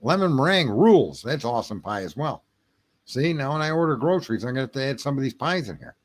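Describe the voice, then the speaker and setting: Rambling, lively-voiced man. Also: medium pitch, fast. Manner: rambling, profane, jokey banter with chat. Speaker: livestream host reading chat. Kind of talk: late-night casual livestream chat.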